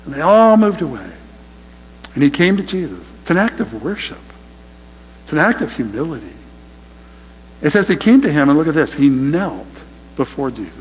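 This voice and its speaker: A man's voice: fairly high pitch, very animated, moderate pace, long pauses, big-room sound, a little hiss or hum, low-quality recording. A man preaching a sermon to his congregation, emphatic and direct, often calling them "you guys". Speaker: pastor. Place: church sanctuary.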